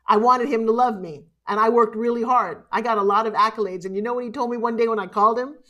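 Animated woman motivational speaker. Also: a little high, fast, dull audio. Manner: animated and emotional, swings from loud to hushed. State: tearful at times. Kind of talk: live motivational keynote speech.

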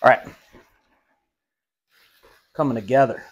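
A man's voice: medium pitch, takes it slowly, lo-fi sound. A man hosting a casual cooking vlog in a home kitchen, who cracks self-mocking jokes while he cooks. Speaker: cooking show host.

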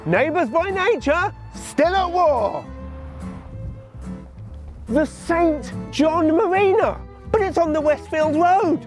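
An English man doing a sarcastic, exasperated comic monologue as a comedian. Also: very high-pitched. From England.

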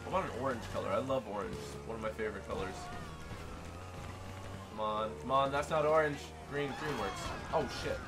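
Excitable young man commentating a game. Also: medium pitch, brisk, over music. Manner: excitable, loud bursts of surprise. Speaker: gaming YouTuber.

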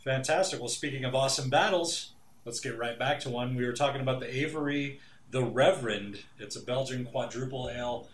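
Upbeat man chatting in an echoey room. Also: mid-range voice. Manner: upbeat, chiming in with quick reactions. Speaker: player and co-host. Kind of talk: casual chat. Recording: echoey room, noisy recording.

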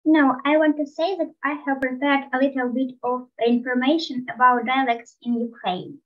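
A woman's voice: sits high, flat delivery, moderate pace, dull audio. A woman student speaking eagerly in an online English class over a video call.

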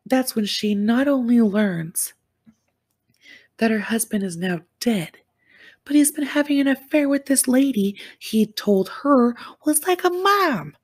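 A woman casually recapping a true-crime episode as a show reviewer, animated and exclamatory with slangy asides. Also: fairly high pitch, unhurried, breathy edge.

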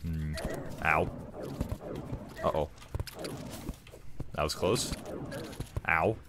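A young man casually commenting while playing a game, swearing often and breaking into excited outbursts. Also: very deep voice, drawn-out words. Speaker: gaming streamer. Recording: music bed behind voice. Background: soft game music.

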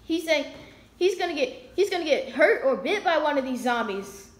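A woman's voice: high voice, lively intonation, normal speed, echoey room, background noise. A woman hosting a video, telling a playful story to her viewers and laughing often. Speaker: video host.

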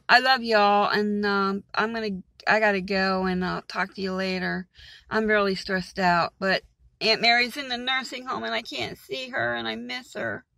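A woman's voice: medium pitch, creaky, pushed and bright, no echo, poor audio. Exasperated woman venting into her camera. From Maryland, USA. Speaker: vlogger. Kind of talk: casual rambling vlog.

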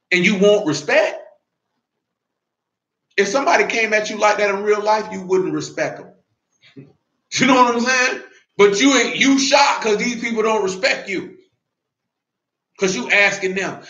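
A male preacher giving an emphatic sermon in blunt street talk, often building to shouts. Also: high voice, unhurried, pauses often. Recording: roomy, dull lo-fi recording.

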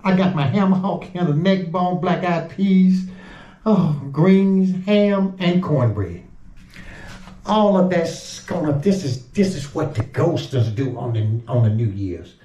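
An older man from Georgia talks casually to his viewers, excitable and full of exclamations. His voice sits a little high for a man. The sound bounces around an echoey room. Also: slow pace. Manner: chatty, excitable, exclaiming over the food. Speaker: home cook vlogger. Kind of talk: casual cooking chat to camera.

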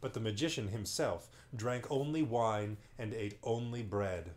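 A man's voice: lowish voice, unhurried, darkish tone, slight background noise. A man reading a bedtime story aloud on a livestream, breaking in with playful, wry asides. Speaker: storyteller host.

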